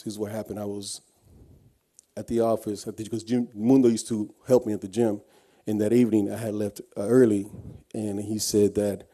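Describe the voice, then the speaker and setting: A guest speaker with a lowish, warm voice gives an earnest personal testimony. He tells his story but restarts his sentences frequently.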